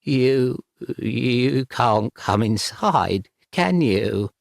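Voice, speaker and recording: Guy playing a scared young man, shaky and stammering, a bit low and slow. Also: no echo, clean studio sound, exaggerated voice. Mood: frightened. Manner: stammering, trembling.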